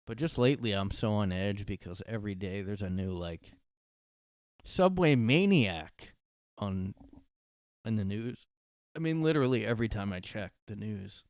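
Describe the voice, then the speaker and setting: A man's voice: fairly low pitch, animated, normal speed, darkish tone, smooth, dry recording, clean studio sound. A young man hosting a casual solo podcast from his room, rambling sarcastically and swearing often. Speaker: podcast host.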